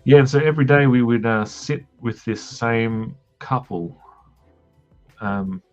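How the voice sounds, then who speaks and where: A man's voice: mid-range voice, a little slow, faint music behind. An Australian man hosting a drawing livestream, chatting casually in a joking, meandering way with lots of ums and tangents. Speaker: livestream host drawing comics. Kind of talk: casual rambling chat while drawing. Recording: dull lo-fi livestream audio.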